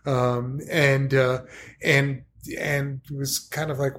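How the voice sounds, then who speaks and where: A man's voice: medium pitch, flat delivery, slow pace, a little hiss or hum. A man hosting a podcast, speaking in a reflective, hesitant way with many fillers. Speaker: podcast host. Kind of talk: casual conversation.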